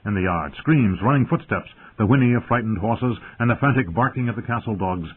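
Husky-voiced male audiobook narrator. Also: fairly low pitch, lively intonation. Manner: measured, dramatic storytelling. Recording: tinny phone-like audio.

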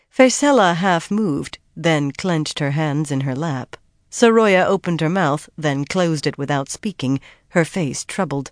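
An audiobook narrator giving steady, measured scripted narration of a fantasy story. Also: mid-range voice, dry recording, studio quality.

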